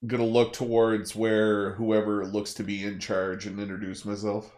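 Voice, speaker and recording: A man playing a tabletop game, calmly describing his character's actions. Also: on the low side, normal speed. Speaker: player. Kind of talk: casual tabletop play.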